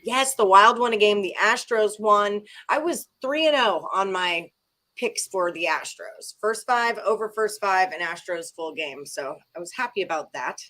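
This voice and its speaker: A woman's voice: medium pitch, bright, forceful tone. A woman hosts a casual morning sports betting show. She talks in an upbeat, chatty way, zips through sponsor plugs, and sounds a little tired from a late night. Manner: upbeat, chatty, reads sponsor plug quickly.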